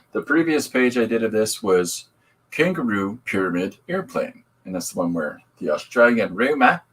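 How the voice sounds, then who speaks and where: Husky man chatting casually on a stream. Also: deep voice, rough recording. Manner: rambling, upbeat, greets viewers. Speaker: podcast host and comic artist. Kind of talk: casual livestream chat.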